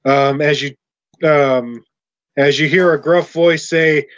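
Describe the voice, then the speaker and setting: Guy gm narrating a tabletop game, kinda high voice, halting, muffled lo-fi audio. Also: fairly even intonation. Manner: halting, searching for words mid-sentence. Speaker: game master.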